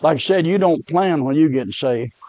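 A pastor, a man of middle age, preaching a heartfelt sermon full of stories. His voice sits a little high and the sound is dry and close, with no room echo. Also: brisk, a little mellow. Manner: emotional storytelling preacher.

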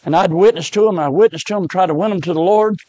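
A pastor, a man of middle age, preaching a heartfelt sermon full of stories. His voice sits a little high and the sound is dry and close, with no room echo. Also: quick pace, warm tone. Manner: emotional storytelling preacher.

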